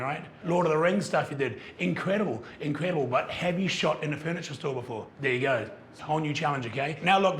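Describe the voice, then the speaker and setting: Bright-voiced deadpan New Zealand man. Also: a little high, a little hiss or hum. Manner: laconic, mumbling deadpan asides. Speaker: comedy show co-host. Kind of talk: deadpan comedy banter.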